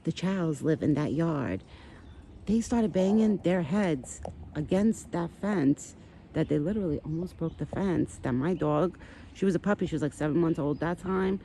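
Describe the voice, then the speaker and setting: A woman's voice: low voice, expressive, moderate pace, mellow, slight background noise. A woman casually chatting to camera in her backyard, rambling on and talking sweetly to her deer. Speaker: vlogger feeding a pet deer. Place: outdoors in a backyard.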